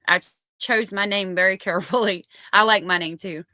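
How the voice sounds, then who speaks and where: A woman with a bright, forceful voice co-hosts a live stream. She chats casually and reads viewer comments aloud, recorded dry and close to the mic. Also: medium pitch, steady tone, moderate pace, dry recording. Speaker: co-host reading viewer chat.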